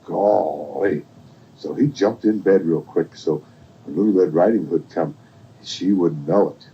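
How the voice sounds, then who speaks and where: An older man, a grandfather, telling a bedtime story to a child in a folksy, rambling, gentle way at home. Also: deep voice, measured pace, breathy edge. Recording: dull lo-fi home recording.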